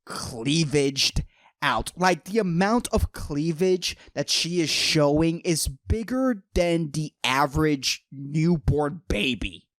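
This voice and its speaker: A man's voice: fairly high pitch, expressive, slow, dry recording, clean studio sound. A man hosting his own podcast, ranting solo in an exasperated, profane way with lots of "dude.". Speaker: podcast host. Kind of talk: solo comedic rant podcast.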